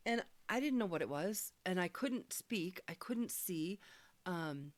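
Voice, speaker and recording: A woman with a lowish voice recounts a personal healing experience in a reflective testimony. She speaks earnestly and softly, as if searching for each word. The sound is close and dry, with no room around it. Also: lively intonation, measured pace, no room sound. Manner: earnest, searching, soft-spoken storytelling.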